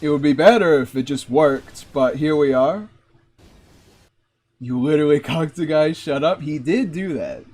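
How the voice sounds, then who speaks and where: A man's voice: on the high side, moderate pace, a little mellow. A man streaming a game, chatting casually and rambling with lots of "like". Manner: rambling, heavy use of "like". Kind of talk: casual live-stream commentary.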